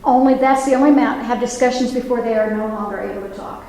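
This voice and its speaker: A woman's voice: a little high, fairly even intonation, fast talker, warm tone, slight background noise. A woman over sixty-five, a nurse, giving an earnest public talk to an audience and turning to the room with asides and questions. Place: library meeting room. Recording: echoey hall, mic from a distance.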